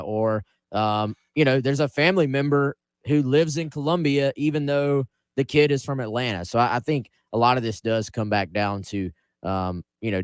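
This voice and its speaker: A man's voice: lowish voice, clean tone, dry recording, clean studio sound. A man co-hosting a sports radio show, talking casually about recruiting. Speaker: radio co-host.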